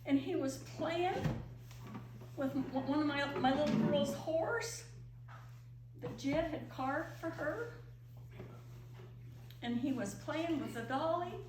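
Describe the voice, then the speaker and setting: A middle-aged woman telling a story in first person as a pioneer woman, expressive and emotive. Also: high-pitched, slow, long pauses. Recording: echoey room from far off with faint hum.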